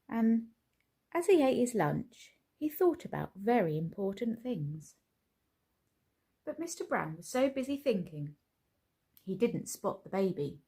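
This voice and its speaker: A woman reading a children's picture book aloud in a slow, expressive storytelling manner. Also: mid-range voice, breathy edge.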